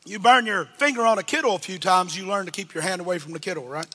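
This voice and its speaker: A man preaching a sermon from the pulpit, calling out questions to the congregation and rising to shouts. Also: high-pitched, quick pace, few pauses, long reverb tail. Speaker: pastor. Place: church sanctuary.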